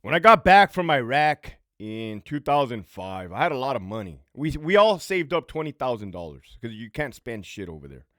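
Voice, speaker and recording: A man's voice: mid-range voice, sing-song, normal speed, hardly any pauses, fairly bright tone, no room sound, clean studio sound. A man in his late thirties from Southern California, telling rambling, profane stories from his own life in a casual way. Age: late 30s. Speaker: channel host and ex-prison guard.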